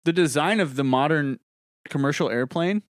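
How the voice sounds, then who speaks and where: A man's voice: fairly high pitch, moderate pace, no room sound, clean studio sound. A man co-hosting a podcast in casual chat, easygoing and wry, explaining his ideas. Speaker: podcast co-host.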